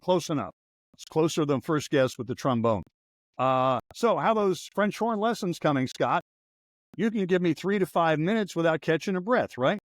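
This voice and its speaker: A man's voice: a little high, lively intonation, normal speed, dry recording. Wry rambling older man, dry close sound. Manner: rambling anecdotal storyteller, wry asides. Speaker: podcast host and former radio newsman. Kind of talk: casual storytelling chat.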